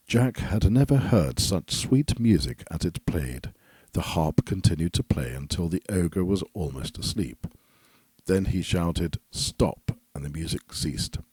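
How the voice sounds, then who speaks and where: A male storyteller reads a fairy tale in a very low, dark voice. The tone is husky. The recording is dry and close. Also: no echo. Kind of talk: storybook narration.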